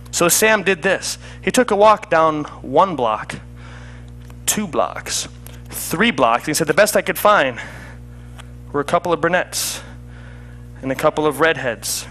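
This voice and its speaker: A comedy magician telling a joking story as patter for a card trick, chatty and laughing at himself. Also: male voice, on the high side, animated, moderate pace, fairly bright tone, faint music behind.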